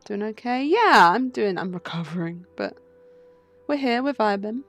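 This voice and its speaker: A woman's voice: mid-range voice, animated, moderate pace. A young woman streaming a game live, chatty and laughing, swearing and talking to her chat. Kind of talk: casual live gameplay commentary. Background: faint game music.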